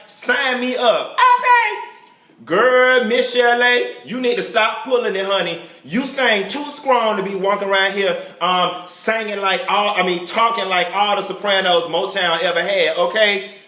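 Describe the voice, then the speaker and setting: A man giving a campy, catty review of a reality show, heavy on slang and drawn-out exclamations. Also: high voice, sharp tone, roomy sound. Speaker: celebrity gossip vlogger.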